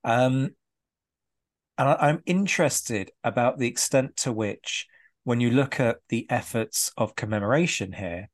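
A man's voice: medium pitch, unhurried, dry recording, studio quality. A man hosting a podcast, asking long, thoughtful, winding questions of a guest. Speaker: podcast host. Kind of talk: conversational podcast interview.

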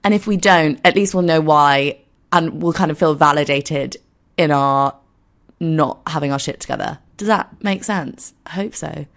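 A woman in her twenties with a croaky voice, hosting her podcast in a chatty, self-deprecating, rambling way. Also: sits low, normal speed. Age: 20s. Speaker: podcast host. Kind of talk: casual solo podcast intro.

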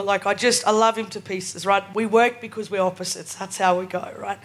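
A woman's voice: medium pitch, fairly even intonation, brisk, hardly any pauses. Cheeky Australian woman doing stand-up. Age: 20s. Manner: casual, cheeky, keeps asking "right?". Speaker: stand-up comedian. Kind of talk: live stand-up set. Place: live comedy venue.

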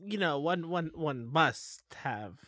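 A woman co-hosting a casual podcast chat, giving short agreeing replies and halting when she takes the floor. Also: low voice, lively intonation, a bit bright, no room sound, studio quality. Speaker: podcast co-host.

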